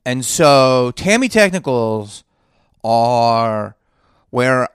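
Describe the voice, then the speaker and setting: A man's voice: mid-range voice, lively intonation, very slow, clear, resonant tone, dry recording, studio quality. A man hosting a solo podcast from a hotel room, telling a rambling story with lots of swearing and sighing. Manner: profane, sighing, digressive. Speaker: podcast host.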